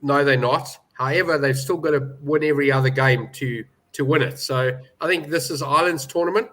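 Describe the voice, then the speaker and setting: Bright-voiced emphatic man. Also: medium pitch, brisk. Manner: emphatic, indignant about odds, many restarts. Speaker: betting pundit. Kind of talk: animated panel discussion.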